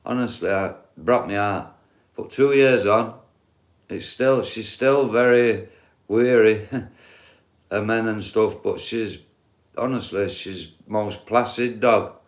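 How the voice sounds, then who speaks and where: A man's voice: lowish voice, slow. A middle-aged man, talking bluntly and swearing as he rambles through a casual live stream chat. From England. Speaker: livestreamer.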